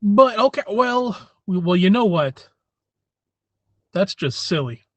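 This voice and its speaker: Casting: man hosting a live stream, slightly high voice, chatty and rambling, dull dry lo-fi sound. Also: animated, slow pace, dry recording. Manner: rambling, chatty, frequent throat clearing. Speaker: livestream host. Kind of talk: casual live-stream chat.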